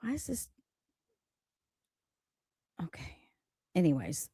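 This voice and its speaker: Speaking slowly and expressively in a mid-range voice with no room sound, a woman runs a laid-back livestream. Her rant is full of swearing, blunt remarks and frequent laughter as she reads out chat comments.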